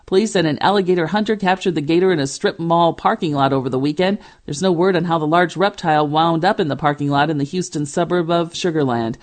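A woman anchoring a radio news bulletin, reading stories in a crisp, measured way. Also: deep voice.

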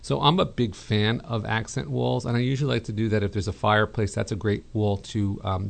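A middle-aged man hosting a call-in home design advice show, chatty and relaxed, with many fillers and restarts. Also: fairly low pitch, vocal fry. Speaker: radio show host, interior designer.

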